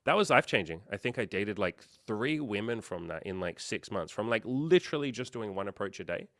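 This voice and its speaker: A low-pitched man hosts a casual livestream, chatting straight to his viewers. He rambles through stories with loads of fillers and the odd curse word, sounding open and unfiltered. The sound is dry and close, with no room around it. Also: expressive, fairly quick, a bit bright, dry recording. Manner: candid, profane, rambling storyteller with lots of fillers. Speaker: dating coach hosting a livestream.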